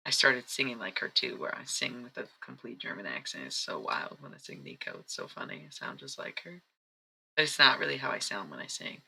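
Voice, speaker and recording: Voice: medium pitch, gravelly, bright, forceful tone, husky, poor audio. A live-stream psychic and astrology reader talking in a casual, rambling, chatty way, often breaking off mid-sentence. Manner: rambling, chatty, self-interrupting.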